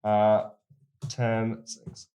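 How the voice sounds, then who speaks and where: A man's voice: fairly low pitch, monotone, very slow, warm tone, muffled recording. Eager man at the game table. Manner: eager, reads out rules. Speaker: player. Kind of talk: casual tabletop play.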